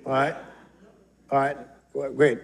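A man preaching a sermon, fervently reading and shouting scripture lines. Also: medium pitch, flat delivery, unhurried, creaky. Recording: live church crowd behind.

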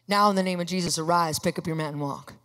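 A woman preacher voicing the apostle Peter as a calm, commanding man. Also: fairly low pitch, fast, in a large hall, voice pushed down, lightly acted.

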